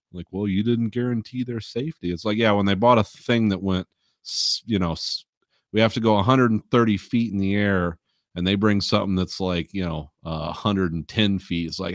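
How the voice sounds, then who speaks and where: A man's voice: lowish voice, no echo, studio quality. A man hosting a podcast, telling a story in casual, swearing chat and laughing often. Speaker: podcast host.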